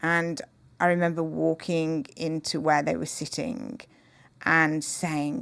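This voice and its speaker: A woman guest in an interview, speaking in an earnest, measured and openhearted way. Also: sits low, completely flat delivery, creaky, a bit bright, dry recording. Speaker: podcast guest, author. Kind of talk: reflective interview conversation.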